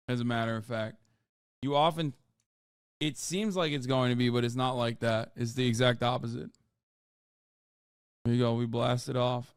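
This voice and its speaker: A man streaming his reactions to a reality show, loud and jokey, swearing freely and putting on mock outrage. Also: medium pitch, fairly even intonation, moderate pace, pauses often, smooth, dry recording, clean studio sound. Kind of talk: casual reaction commentary.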